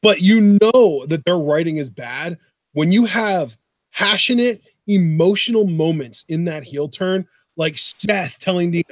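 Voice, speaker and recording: A man's voice: fairly high pitch, lively intonation, measured pace, a bit bright, no echo. A man co-hosting a wrestling talk show, giving critical explanations in casual chat. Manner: critical, explanatory, agreeing with co-host. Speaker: wrestling podcast co-host.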